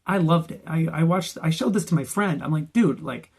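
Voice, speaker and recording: A man giving a comedic reaction rant about anime videos, gushing and excitable, swearing often. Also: a little high, normal speed, husky. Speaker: anime YouTube reviewer.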